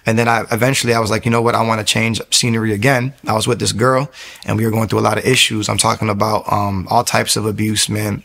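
A man in his twenties giving an earnest, halting personal testimony, with frequent restarts. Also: lowish voice, gravelly, a bit bright.

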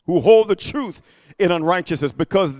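A man preaching a sermon, calling for responses from the congregation and punching key words loudly. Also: sits high, moderate pace, big-room sound. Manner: call-and-response, loud bursts on key words.

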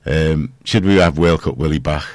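Deep raspy-ish radio guy rambling and cracking jokes, dry studio mic. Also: moderate pace, no echo. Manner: rambling, jokey, self-mocking. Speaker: radio host. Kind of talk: casual radio chat.

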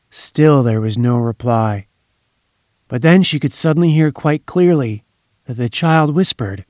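A man reading a story aloud in a measured, solemn narration. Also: mid-range voice, a little mellow, no echo, clean studio sound.

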